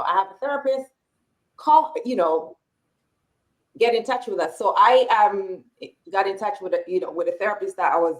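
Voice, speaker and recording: A woman in her forties co-hosts a relaxed podcast conversation. She tells her own story openly in a middle-pitched voice and slips into the voices of people she quotes. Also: rough recording. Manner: candid personal storytelling, acting out quoted remarks. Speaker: podcast co-host. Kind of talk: casual podcast chat.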